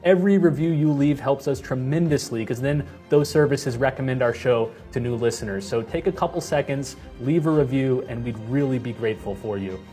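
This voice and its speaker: A man in his thirties hosting a podcast, speaking in a friendly, measured way as he asks questions and closes the episode. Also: mid-range voice, warm tone, soft background music. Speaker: podcast host. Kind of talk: podcast conversation and outro.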